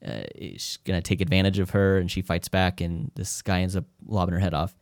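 Low-voiced man in casual film chat. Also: a little fast, dry recording, clean studio sound. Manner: rambling, animated retelling with many restarts.

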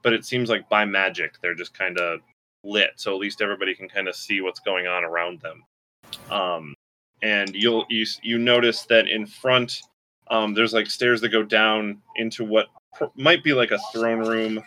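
A man's voice: on the low side, fairly even intonation, moderate pace, pushed and bright. A man narrating as game master in a casual, rambling way full of fillers.

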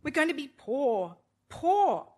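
A woman's voice: medium pitch, measured pace, fairly bright tone. A woman reading a novel aloud, voicing a pregnant young wife who speaks with a scornful, exasperated edge.

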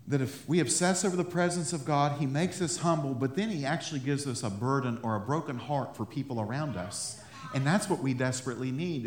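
A man preaching a sermon, animated and emphatic, with laughing asides and loud rising peaks. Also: medium pitch. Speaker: pastor. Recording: echoey room.

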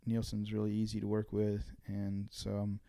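A man guest on a podcast speaks in a soft, hesitant way, starting sentences twice. His voice is mellow and gravelly, fairly flat in tone. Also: on the low side, normal speed. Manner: soft-spoken, hesitant, repeats words. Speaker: guest songwriter. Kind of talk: casual interview chat.

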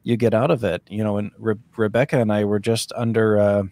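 A man's voice: lowish voice, flat delivery, fairly quick, a little mellow, dry recording. A man hosting a casual chat, rambling and joking with lots of repetition.

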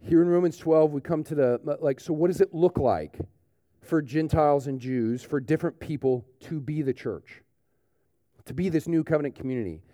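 A man preaching a sermon in a relaxed, conversational way, often dropping in "like" and "you know". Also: fairly high pitch, moderate pace, no echo, studio quality. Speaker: pastor. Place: church.

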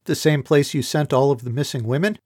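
A man voicing a sharp young female reporter in an audiobook, asking pointed, incredulous questions. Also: mid-range voice, a little fast, close to an everyday voice. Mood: probing. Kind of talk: audiobook character voice.

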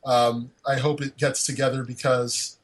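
A man's voice: mid-range voice, flat delivery, unhurried, rough recording. A man hosting a podcast in casual chat, rambling and jokey with lots of fillers. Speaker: podcast host.

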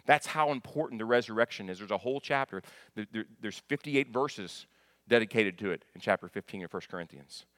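A man delivering a sermon to a congregation. His teaching is conversational and full of restarts and questions to the listeners. His voice climbs to loud, emphatic moments. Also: on the low side, lively intonation, a little fast, dry recording, studio quality. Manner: rises to loud emphatic peaks. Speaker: pastor.

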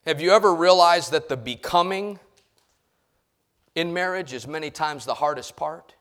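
A middle-aged man preaching a sermon in a church, swinging from quiet talk to loud emphasis and acting out voices. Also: on the high side, normal speed. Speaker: pastor. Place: church sanctuary.

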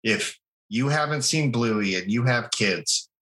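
A man co-hosting a podcast, telling stories about his young daughter in animated, casual chat. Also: mid-range voice, slow, low-quality recording. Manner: storytelling, animated. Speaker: podcast co-host.

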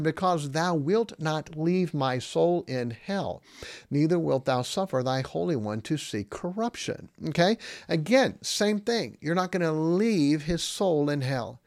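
A man with a slightly high voice teaches Bible doctrine on a podcast, emphatic and insistent. He poses questions and answers them himself, reading verses in King James wording. The recording is dry and close. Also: no echo. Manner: reads scripture aloud in King James wording. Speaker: podcast host.

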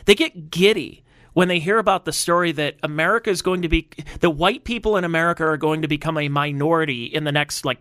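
A man with a somewhat high voice hosts a casual political podcast. He talks in an animated way and stumbles over repeated words as he starts his sentences. The sound is dry and close, with no room echo. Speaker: podcast host.

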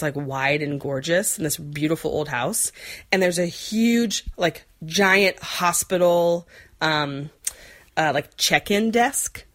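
A woman in her forties telling a rambling story in casual chat, full of fillers and playful put-on voices. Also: on the low side. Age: 40s. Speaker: podcast co-host.

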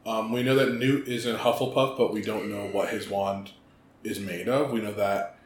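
A man co-hosting a podcast from the United States, chatting in a relaxed way with lots of ums and mm-hmms. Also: on the low side, normal speed. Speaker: podcast co-host. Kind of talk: casual chat. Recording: echoey room with faint noise.

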